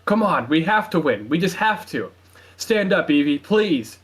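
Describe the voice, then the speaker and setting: Guy reading hyped young trainer, loyal, shouting commands, kinda high. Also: expressive, a little fast. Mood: fired up. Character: excitable young male trainer, fiercely loyal.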